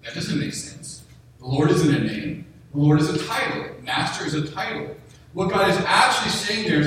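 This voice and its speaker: A man preaching a sermon in a conversational way, slowing down to read scripture aloud. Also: fairly high pitch, lively intonation, fairly bright tone, slight background noise. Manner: conversational, reads scripture slowly. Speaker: pastor. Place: church sanctuary. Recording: echoey hall, distant mic.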